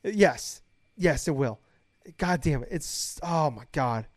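A young man hosting a casual podcast, rambling excitedly, swearing a lot and getting loud when hyped. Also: a little high, slow pace, dry recording. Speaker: podcast host.

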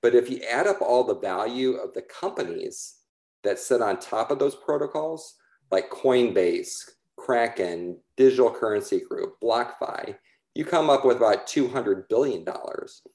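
A man's voice: medium pitch, lively intonation, a little slow, darkish tone, echoey room. A man working in asset management, explaining steadily with many fillers. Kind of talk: explanatory talk on a call.

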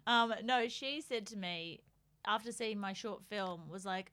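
A woman's voice: mid-range voice, moderate pace. A woman, a comedian guest telling stories in casual podcast chat, laughing often. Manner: laughs often, animated storytelling.

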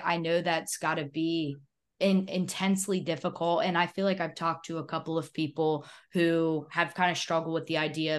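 A woman hosting a podcast interview, speaking in a supportive, thoughtful and reflective way. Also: deep voice. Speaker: podcast host. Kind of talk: casual interview.

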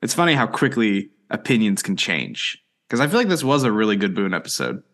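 A young adult man co-hosting a podcast, teasing his co-host and recapping plot in steady narration. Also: lowish voice, brisk. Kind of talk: casual chat and episode recap.

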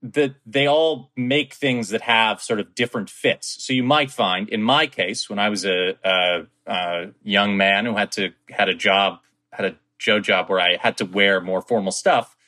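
A man's voice: on the low side, steady tone, a little slow, hardly any pauses, bright, forceful tone, no room sound. A man co-hosting a podcast in casual chat, agreeable and chiming in with short replies. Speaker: guest co-host.

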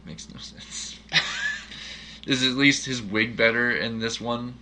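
A man's voice: mid-range voice, fairly even intonation, slow, sharp tone, slight background noise. A man co-hosting a casual movie chat, asking eager, jokey questions. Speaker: podcast co-host.

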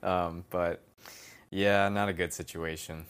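A man's voice: deep voice, flat delivery, slow, heavy background noise. A young man co-hosting a casual podcast chat, laid-back and hesitant, with lots of fillers. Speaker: podcast co-host.

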